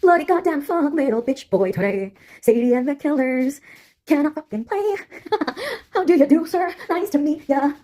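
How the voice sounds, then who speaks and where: Girl doing a high unhinged villain lady, swears a lot, singsongy and erratic. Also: expressive, normal speed, mellow. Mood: manic. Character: unhinged taunting female villain controlling a giant.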